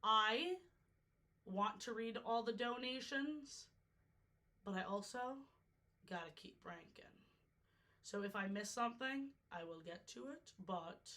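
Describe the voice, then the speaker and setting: Bright chatty young woman livestreaming. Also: medium pitch, unhurried, pauses often. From New York. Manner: chatty, jokey, easily sidetracked. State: slightly worn-out voice. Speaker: streamer ranking water parks. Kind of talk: casual livestream chat.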